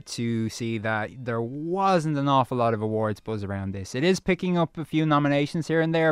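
A man's voice: mid-range voice, fairly bright tone, clear, resonant tone, no echo. A man giving a chatty film review on the radio, with many ums and asides.

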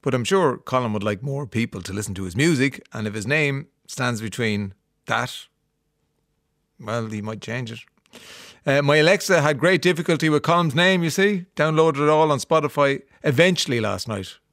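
A chatty Irish man hosts a radio show from the studio, rambling between listener messages with lots of ums and restarts. His voice sits at an ordinary pitch for a man. The sound is close and dry, with no room echo. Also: moderate pace, fairly bright tone. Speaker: radio host. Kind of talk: casual radio chat reading listener texts.

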